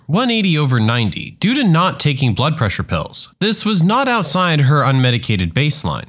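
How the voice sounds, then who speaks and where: A man hosting a podcast, reading online posts aloud and adding his own commentary in a lively, expressive way. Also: fairly high pitch. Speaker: podcast host reading stories.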